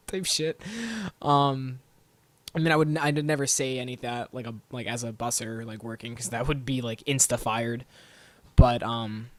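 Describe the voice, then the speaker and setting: A man's voice: mid-range voice, fairly quick, dry recording. Young adult man, podcast host, casual profane rant, filler-heavy, dry close sound. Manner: profane, rambling, heavy use of "like".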